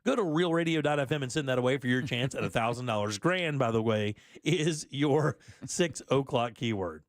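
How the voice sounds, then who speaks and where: A man's voice: medium pitch, normal speed, no echo, clean studio sound. A man hosting a radio talk show, chatting casually with jokes and frequent laughter. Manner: animated, laughs often, jokey.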